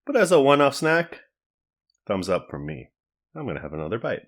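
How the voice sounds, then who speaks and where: A man's voice: medium pitch, fairly quick. A man casually reviewing snack food to camera, chatting and thinking aloud as he cooks and tastes. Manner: relaxed, chatty, thinks aloud while cooking and tasting.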